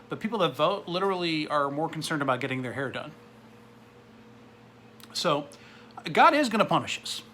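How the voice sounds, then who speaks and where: A man's voice: fairly high pitch, pushed and bright, a little hiss or hum. A man in his forties ranting to camera in a blunt, sarcastic way. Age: 40s. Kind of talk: political rant to camera.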